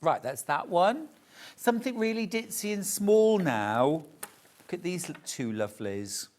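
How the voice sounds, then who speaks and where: Gushing shopping presenter, lively pitch. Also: male voice, measured pace. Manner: gushing, chatty and enthusiastic about fabrics. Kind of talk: live shopping channel presentation.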